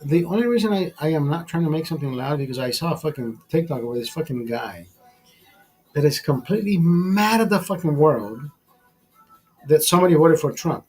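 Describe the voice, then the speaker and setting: A man's voice: a little high, expressive, fairly quick, darkish tone, husky, soft background music, poor audio. Tipsy man ranting with profanity. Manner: rambling, profane, repeats and restarts words. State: tipsy from drinking. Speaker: livestream host. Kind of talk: casual drinking livestream rant.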